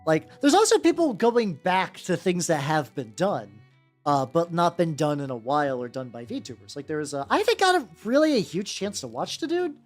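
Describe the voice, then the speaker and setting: A man's voice: fairly high pitch, sing-song, normal speed, faint music behind. A man in his thirties chatting casually on stream while he paints miniatures, rambling and swearing. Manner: rambling, swearing, slipping into goofy voices. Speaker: VTuber streamer.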